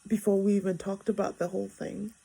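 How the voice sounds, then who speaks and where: A woman's voice: mid-range voice, little pitch movement, fast, creaky, mellow, breathy edge, rough recording. A woman in her thirties, a mother telling a family story in a casual, rambling way with many fillers, recorded in a bedroom. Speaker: vlogger, mother.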